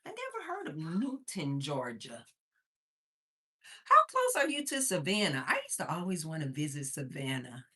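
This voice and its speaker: A woman from Missouri hosts a laid-back livestream, chatting, reading out viewer comments and laughing often while a bit breathless from moving around. Her low, husky voice swoops wildly in pitch at a moderate pace with a sharp tone.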